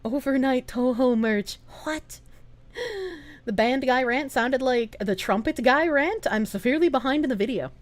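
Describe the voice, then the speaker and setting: A woman streamer chatting casually and reading viewer comments aloud, giggly and animated, swearing freely. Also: high-pitched, normal speed. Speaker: live streamer.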